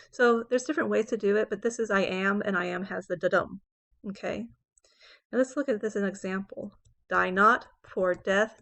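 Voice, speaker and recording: A woman lecturing on poetry. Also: mid-range voice. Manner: explanatory, reads verse slowly and dramatically; checks in with "okay?" and "right?". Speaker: English professor.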